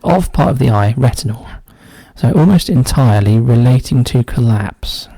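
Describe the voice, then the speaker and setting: A man solving a cryptic crossword, thinking aloud in a casual way and often dropping to a quiet mutter. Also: mid-range voice, animated, normal speed, no room sound. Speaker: crossword solver. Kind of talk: casual solo puzzle-solving commentary.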